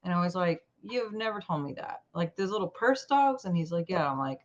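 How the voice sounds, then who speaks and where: A woman tells a personal story as an interview guest, acting out quoted lines with lively jumps in her voice. Her voice sits a little low. The recording is dull and lo-fi. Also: fairly quick. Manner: animated, acts out quoted dialogue.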